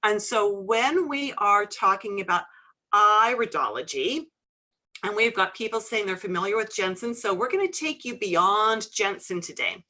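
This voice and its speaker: Bright-voiced woman teaching a webinar. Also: mid-range voice, expressive, moderate pace. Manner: friendly, teasing, explains step by step. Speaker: iridology instructor. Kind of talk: live webinar lesson.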